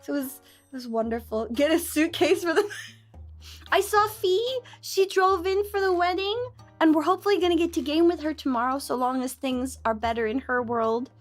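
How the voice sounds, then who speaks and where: Young woman streamer gushing away, high voice, bit of music behind. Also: moderate pace. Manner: excitable, gushing storyteller with lots of laughter. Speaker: VTuber streamer. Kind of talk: casual chat stream.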